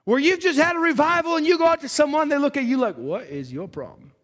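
A man preaching a sermon, storytelling and acting out biblical characters, swinging from shouts to hushed asides. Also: extremely high pitch, quick pace. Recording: long hall reverb.

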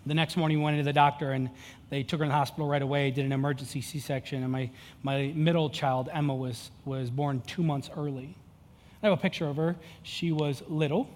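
A pastor in his thirties delivers a sermon in a fairly high voice, moving from relaxed storytelling into fervent, climbing intensity. His words ring out with a long reverb tail in a large church hall. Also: brisk. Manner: earnest storytelling with rising passion.

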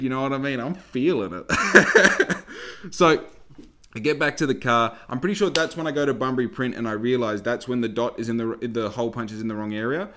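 A young Australian man telling a rambling story in a casual, profane, animated way. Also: medium pitch.

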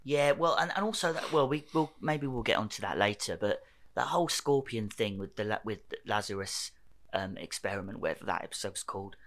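A man's voice: fairly low pitch, lively intonation, fairly quick, a bit bright. A young English man co-hosting a podcast, talking casually, joking and trailing off mid-sentence. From England. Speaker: podcast co-host. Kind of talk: casual chat.

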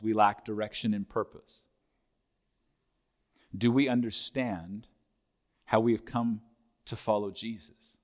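A man's voice: medium pitch, a little mellow. A man delivering a sermon as a pastor, reading scripture aloud and building intensity through repeated phrases.

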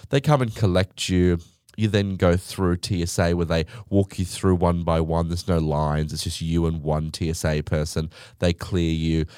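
A man's voice: low voice, fairly even intonation, normal speed, darkish tone, clear, resonant tone, no echo, clean studio sound. A man chatting alone, telling stories in a sweary, theatrical way as a show host. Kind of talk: casual monologue.

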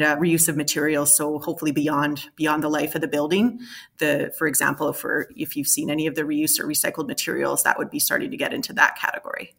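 Woman, low voice, bright tone, guest expert, explanatory with fillers. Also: vocal fry. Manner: explanatory, with frequent fillers and restarts. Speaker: guest expert on sustainable building. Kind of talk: conversational interview answers.

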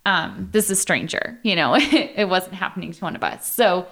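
A woman's voice: fairly low pitch, normal speed, fairly bright tone. A woman co-hosting a podcast, telling a hiking story in casual chat and laughing often. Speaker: podcast co-host.

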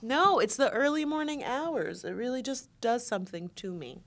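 A woman's voice: on the high side, animated, normal speed. A woman co-hosting a podcast in casual banter, playful and teasing, laughing often. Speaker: podcast co-host.

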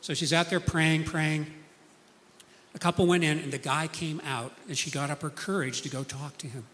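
A man's voice: a little high, fairly even intonation, moderate pace, a bit bright, long reverb tail, a little hiss or hum. A man preaching a sermon, telling stories earnestly and acting out the people he quotes.

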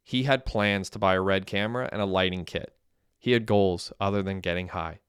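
Male narrator, low smooth voice, dry close sound, steady matter-of-fact read. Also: brisk, dry recording. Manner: plain, matter-of-fact reading. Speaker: audiobook narrator. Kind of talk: scripted narration.

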